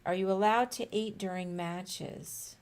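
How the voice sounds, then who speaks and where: A woman's voice: mid-range voice, steady tone, a little slow, a little mellow. A woman co-hosting a chess live stream from home, chatty, laughing easily and asking questions. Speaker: stream co-host. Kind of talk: casual chat on a live stream. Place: home with dogs.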